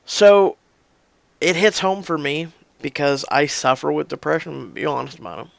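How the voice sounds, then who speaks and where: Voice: medium pitch, normal speed, gravelly, no room sound. A YouTube gamer giving casual, rambling and candid commentary between story scenes, with many fillers and restarts.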